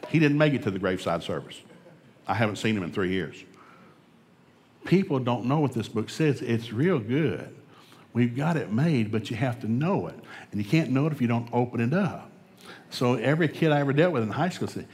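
A middle-aged man preaching a sermon in a folksy, emphatic way, a former school administrator from Oklahoma who swings up to loud peaks. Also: mid-range voice, animated, a little fast. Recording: long hall reverb.

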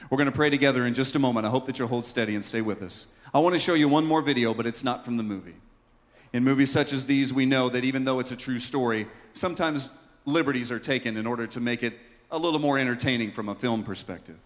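A man's voice: medium pitch, fast talker, big-room sound. Impassioned man preaching a sermon. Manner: impassioned, swinging from hushed to loud. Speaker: pastor.

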